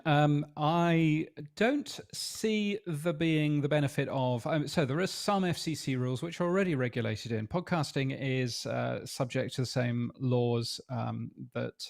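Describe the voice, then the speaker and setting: British man with a gravelly voice. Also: medium pitch, darkish tone, dry recording, clean studio sound. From Britain. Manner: hesitant, many fillers and restarts. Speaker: podcast industry guest. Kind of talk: casual interview chat.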